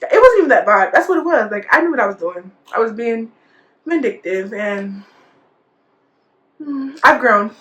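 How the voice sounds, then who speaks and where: A woman's voice: a little high, expressive, moderate pace, pauses often, fairly bright tone. A young woman vlogger telling a school story in a casual, chatty way, full of fillers and quoted dialogue. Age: young adult.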